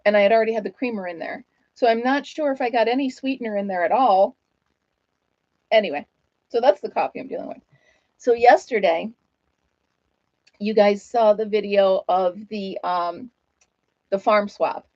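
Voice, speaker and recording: A woman's voice: medium pitch, normal speed, long pauses, darkish tone, no echo, highs cut off. A woman hosting a casual live-stream chat, talking in a chatty, self-deprecating way and laughing often.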